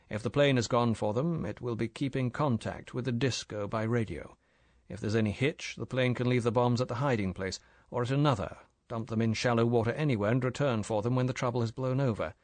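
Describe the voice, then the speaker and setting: A man's voice: medium pitch, dry recording, lightly acted. A male narrator voicing a guarded secret agent who talks coldly and matter-of-factly. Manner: cold, matter-of-fact. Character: cool, guarded British secret agent, adult man.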